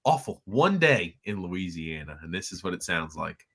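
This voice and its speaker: A man co-hosting a sports watchalong stream, chatting excitedly and emphatically about a football game. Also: low-pitched, moderate pace. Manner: excitable, emphatic, with repeated restarts. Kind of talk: casual sports commentary chat.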